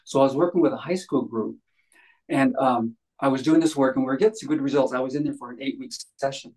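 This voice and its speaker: Casting note: man, middle pitch, casual interview guest, rambling storyteller full of ums. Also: fast, a little mellow, low-quality recording. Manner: rambling, many fillers, acts out voices in anecdotes. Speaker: guest, healing practitioner.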